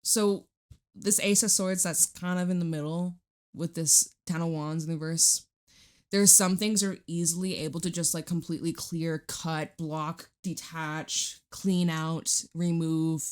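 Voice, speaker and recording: A woman's voice: low voice, fairly even intonation, measured pace, darkish tone. A woman giving a casual tarot reading at home into a microphone, chatty and blunt, swearing and laughing often. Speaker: tarot reader. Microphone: studio microphone.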